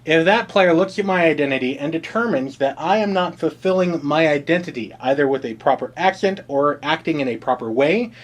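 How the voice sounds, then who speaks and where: A male board game reviewer with a slightly higher-than-average voice. He walks through the rules in a dry, explanatory manner with sardonic asides. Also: expressive, brisk, hardly any pauses.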